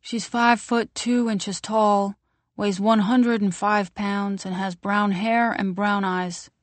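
A woman reading aloud, voicing a television news anchor who delivers a missing-person bulletin in a slow, measured way. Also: medium pitch, steady tone, no room sound, close to an everyday voice. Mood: formal.

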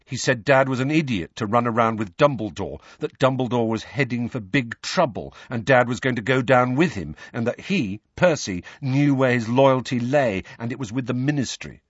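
A man's voice: moderate pace, few pauses, dry recording, lightly acted. Guy reading as a worked-up teen boy, rambling, voice a bit lifted, dull dry audio. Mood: upset. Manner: agitated, rambling, trails off low. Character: upset teenage boy, quick-talking.

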